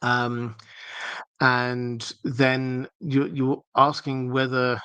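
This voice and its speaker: A man's voice: medium pitch, little pitch movement, pushed and bright, clean tone, no room sound, low-quality recording. Thoughtful man, dry close sound. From southern England. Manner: thoughtful, halting, many fillers and restarts. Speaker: livestream host answering viewer questions. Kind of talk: unscripted Q&A livestream.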